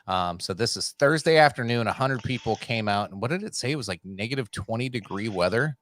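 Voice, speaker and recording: A man with a fairly low voice co-hosting a podcast, reading out headlines and throwing in jokes. The sound is close and dry. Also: lively intonation, brisk, fairly bright tone, no room sound. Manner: joking, reads headlines aloud. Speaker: podcast co-host. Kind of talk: casual political chat.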